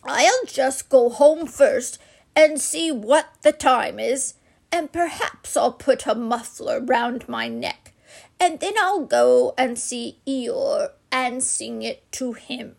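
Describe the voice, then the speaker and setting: A woman voicing a slow, gentle and simple-minded male teddy bear from a storybook, musing mildly as he talks. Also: high-pitched, gravelly, heavily acted. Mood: planning.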